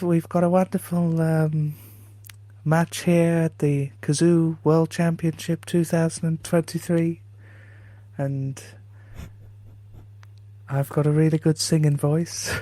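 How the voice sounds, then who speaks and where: A man's voice: a little high, dark tone, dry recording. A man doing an impression of a chatty, genial male snooker player, talking.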